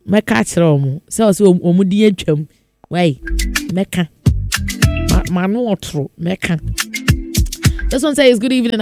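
Slow-talking playful host. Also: male voice, sits high. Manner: playful, teasing, laughs often. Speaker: host reading listener messages. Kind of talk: casual chat show.

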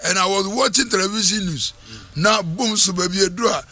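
A man preaching a fiery sermon in a chanting, sing-song shout, with faint music behind. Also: sits high, brisk.

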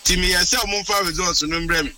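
An animated man spinning a long story as a radio guest. His voice sits high and very bright, and he sounds set back from the microphone. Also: fairly quick, dry recording, recorded from a distance, rough recording. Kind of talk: casual storytelling.

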